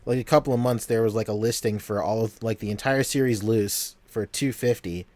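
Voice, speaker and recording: A man's voice: lowish voice, steady tone, fairly quick, darkish tone, no echo. A young man co-hosting a casual podcast, talking loosely with lots of slang and fillers. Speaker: podcast co-host.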